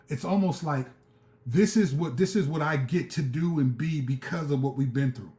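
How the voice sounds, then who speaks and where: A man's voice: fairly high pitch, normal speed, darkish tone, roomy sound. A man hosting a live stream, reading scripture and ranting fervently in street slang, often repeating himself. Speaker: show host.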